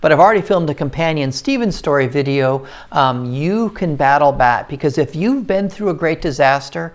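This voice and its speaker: A middle-aged man from the United States, talking heartfelt and encouraging in a personal monologue and slowing down to stress his points. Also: fairly high pitch, lively intonation. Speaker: host of a personal story series. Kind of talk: earnest talking-to-camera monologue.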